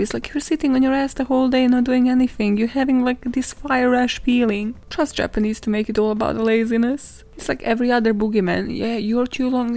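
A young woman hosting a podcast, telling stories in a casual, sweary, animated way and laughing often. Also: on the high side. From not British, lives in London. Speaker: podcast host. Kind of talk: casual chatty storytelling.

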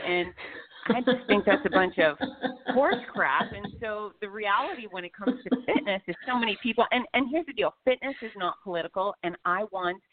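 A woman's voice: mid-range voice, lively intonation, brisk, a crowd in the background. A woman guest from Florida, talking fitness in a live interview, blunt and emphatic. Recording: dry, tinny phone-like line.

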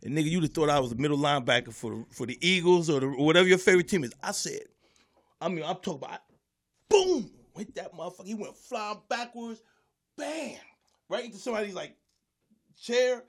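A man's voice: on the high side, fast talker, a bit bright. A man who is a stand-up comedian, casually telling a story and acting out the voices and noises of the people in it.

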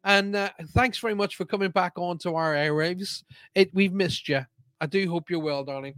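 A man's voice: sits high, moderate pace, fairly bright tone, dry recording. A man hosting a live-streamed show, chatting casually and reading out viewer comments in an upbeat way.

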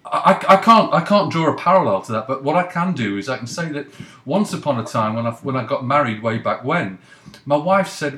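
A male interviewer who reacts with short enthusiastic remarks and asks halting, rambling questions. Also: medium pitch, expressive, bright, forceful tone, echoey room. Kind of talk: interview chat.

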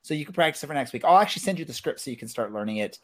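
A man's voice: fairly high pitch, expressive, racing. Rambling male podcast host. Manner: loose, rambling, filler-heavy delivery. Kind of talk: casual podcast chat.

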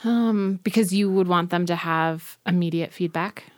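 A woman hosting a podcast, chatting casually and asking quick curious questions. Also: lowish voice, dry recording. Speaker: podcast host. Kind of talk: casual chat.

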